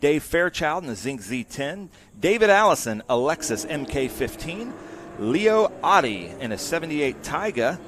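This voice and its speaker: A man's voice: a little high, normal speed. Chatty American race commentator, man. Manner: chatty, reads out viewer greetings. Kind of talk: live motorsport commentary. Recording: steady noise in background.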